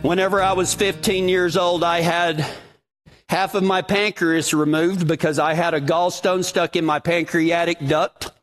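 A man preaching a sermon, telling his own story in a folksy, dramatic way. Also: a little high.

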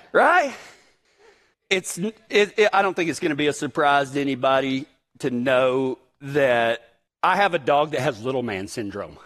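Very high-voiced, lively storytelling preacher. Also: male voice. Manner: animated, folksy, joking asides. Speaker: pastor. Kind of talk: sermon with humorous storytelling.

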